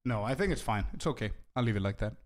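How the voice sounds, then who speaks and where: A man's voice: fairly low pitch, expressive. Laid-back young man streamer, chatty. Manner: laughs often, halting restarts, calls people bro and dude. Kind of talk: casual livestream chat, thanking donors.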